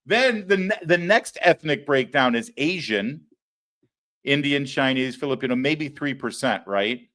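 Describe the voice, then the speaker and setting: A man's voice: mid-range voice, unhurried. A man hosting a live political commentary show, talking in a sarcastic, mocking way. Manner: sarcastic, mocking, animated delivery. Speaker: host.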